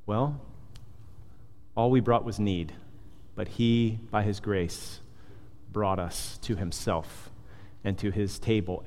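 A man preaching a sermon as pastor, animated and conversational, firing off rhetorical questions and dropping into softer asides. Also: on the low side. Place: church hall. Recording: long hall reverb.

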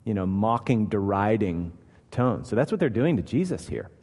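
A man's voice: on the low side, very animated, normal speed, a little mellow. Guy preaching a sermon, leans hard on his points, asks the crowd lots of questions, big echoey church sound. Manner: emphatic, asks the listeners rhetorical questions. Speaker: pastor. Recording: long hall reverb.

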